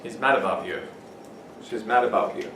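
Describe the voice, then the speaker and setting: Distant teacher explaining words in an echoey classroom. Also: male voice, fairly low pitch, moderate pace, a bit bright, slight background noise. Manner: explains words with examples, asks students questions. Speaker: English teacher. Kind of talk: classroom vocabulary lesson. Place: classroom with students.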